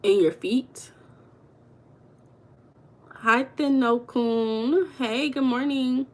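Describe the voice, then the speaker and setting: A woman's voice: fairly high pitch, drawn-out words. A woman hosting a live stream, chatting casually with her viewers and laughing often. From United States. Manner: chatty, talks to chat viewers, calls them baby and girl; laughs often while talking.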